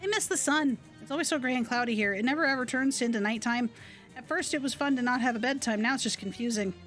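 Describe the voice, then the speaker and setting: A glum little girl lost and bored, mumbling every line in a flat, listless way, as a woman reads her out. The voice sits high, with a trace of game music behind it. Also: fast talker, lightly acted.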